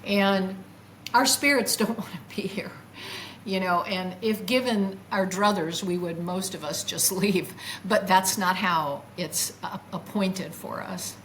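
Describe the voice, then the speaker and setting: A woman's voice: unhurried, a little hiss or hum, low-quality recording. Older woman telling her story with feeling. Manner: animated, acts out her own past words with big jumps in pitch. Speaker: guest recounting a near-death experience. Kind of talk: emotional first-person storytelling.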